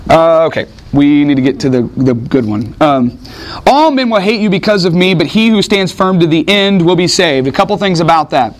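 Animated, high-voiced male preacher. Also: moderate pace. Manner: animated, conversational preaching with asides. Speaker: pastor. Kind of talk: sermon.

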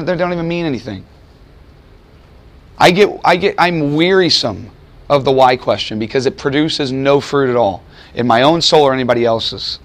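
Male preacher in the middle of a sermon, higher-pitched, emphatic, slows down to drive points home. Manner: animated, emphatic, rhetorical questions, slows for emphasis. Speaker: preacher teaching a Bible study.

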